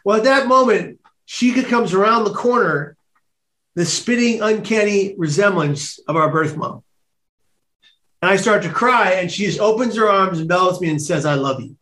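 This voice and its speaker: A man from San Francisco telling a personal story as a podcast guest. He is emotional and excitable, repeats words, and acts out the voices of the people in it. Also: high voice, moderate pace. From San Francisco, United States. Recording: roomy echo.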